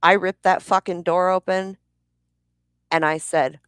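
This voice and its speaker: A woman with a lowish voice tells her story straight to the camera, blunt and heated, with plenty of swearing. The sound is dry and close, with no room echo. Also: steady tone, a little slow, pauses often, fairly bright tone, clean tone. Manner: blunt, profane, heated retelling. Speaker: vlogger. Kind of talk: personal storytelling vlog.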